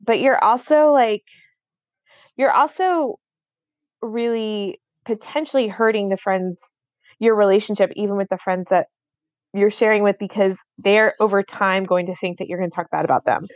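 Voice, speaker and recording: A woman's voice: mid-range voice, normal speed, no echo, dull audio. A woman in her thirties co-hosting a podcast, rambling in a casual chat with many fillers and restarts. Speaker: podcast co-host.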